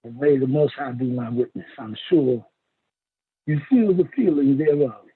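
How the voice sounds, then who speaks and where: A man musing and half-singing in a slow, rambling spoken monologue about love and meaning, with sudden leaps into a high voice. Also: husky. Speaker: self-styled spiritual teacher. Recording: phone-quality lo-fi audio.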